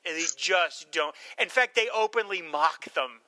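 Animated high-voiced man discussing films. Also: no echo. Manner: rambling, animated, acts out film scenes in quick voices. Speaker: podcast co-host. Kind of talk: casual film discussion.

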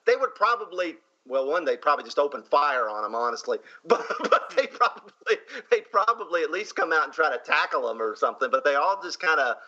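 A man's voice: fairly high pitch, very animated, fairly quick, hardly any pauses, pushed and bright, highs cut off. A man with a Southern accent co-hosting a casual movie discussion, chatty and laughing often between fillers. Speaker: podcast co-host.

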